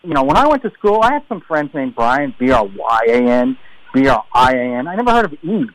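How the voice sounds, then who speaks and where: A man hosting a business radio show, talking in a loud, joking, teasing way. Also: mid-range voice, big pitch swings, a little fast, no echo, low-quality recording. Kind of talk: playful radio show banter.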